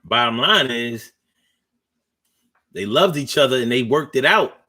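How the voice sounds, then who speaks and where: Guy riffing casually to his audience, swears a lot, pitch jumps all over, stops to hunt for the word. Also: animated, pushed and bright. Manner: loose, profane, conversational; drawn-out, searching pauses. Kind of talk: casual storytelling monologue.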